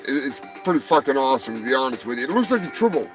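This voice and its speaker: A man hosting a live stream, riffing on animal news in a rambling, profane, jokey way, swinging between loud outbursts and muttered asides. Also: mid-range voice, very animated, very fast, music in the background, low-quality recording. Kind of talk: profane comedic news rant.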